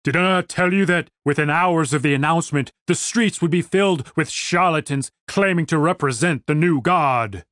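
A man's voice: a little high, moderate pace, hardly any pauses, a bit bright, no echo, clean studio sound, lightly acted. A man voicing a stern older city guard who speaks in stiff, formal phrases.

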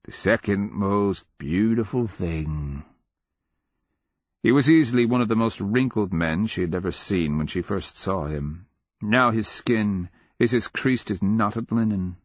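A man narrating a dark fantasy novel in a measured, expressive storytelling manner. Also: lowish voice, no echo. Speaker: audiobook narrator. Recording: dull, dry lo-fi recording.

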